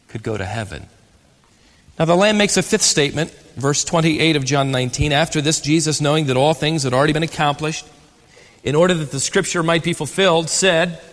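A man preaching a sermon as pastor, swinging between loud emphatic peaks and hushed, low passages. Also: big-room sound.

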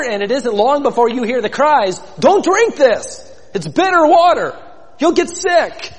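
A man's voice: high-pitched, in a large hall. A man preaching an expository sermon, vividly retelling scripture scenes and inviting listeners to imagine themselves there.

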